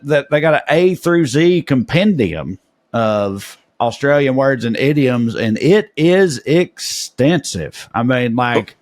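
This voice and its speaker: A man's voice: mid-range voice, lively intonation, takes it slowly. A man with a Southern US accent co-hosting a podcast, chatting in a loose, profane, joking way. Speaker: podcast co-host. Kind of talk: casual comedic chat.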